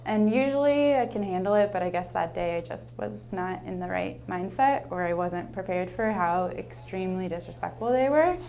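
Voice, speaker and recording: A woman's voice: fairly low pitch, normal speed, vocal fry, few pauses, mellow, slight background noise. Earnest, rambling young woman teacher. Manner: rambling, heavy use of "like", earnest. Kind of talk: casual personal storytelling.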